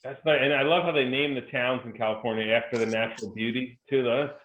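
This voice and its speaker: A man's voice: medium pitch, fairly even intonation, fast, crowd noise. A man from New Jersey, a guest speaker telling jokes and stories in a chatty, upbeat interview. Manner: joking storyteller, upbeat and chatty. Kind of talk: conversational interview. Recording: tinny phone-like video call audio, roomy.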